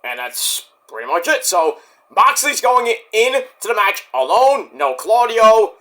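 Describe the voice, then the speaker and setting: A man with a fairly high, bright voice recaps a wrestling show in casual, profane commentary. His pitch swings widely as he talks, and he bursts into loud mock shouts when acting out the wrestlers' lines. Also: a little slow. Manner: animated, swears freely, acts out wrestlers' lines in shouted bursts.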